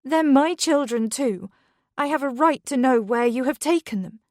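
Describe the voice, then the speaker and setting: A woman's voice: fairly high pitch, moderate pace, a little mellow, no echo, clean studio sound, voice pushed up, lightly acted. A woman voicing a frightened mother who pleads with her husband in a raised, emotional voice. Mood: pleading.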